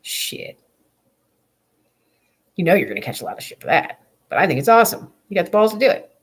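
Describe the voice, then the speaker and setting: Casting: young woman vlogger, low gravelly voice, swings widely in pitch, swears freely. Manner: blunt, profane, rambling. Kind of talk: casual vlog chat.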